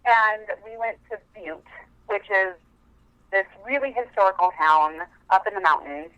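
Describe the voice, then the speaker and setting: A woman's voice: medium pitch, measured pace, bright, forceful tone, no room sound. Chatty woman calling in by phone. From Montana, USA. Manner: chatty, rambling with many fillers. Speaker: caller. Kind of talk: casual phone-in storytelling. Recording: dull phone-line audio.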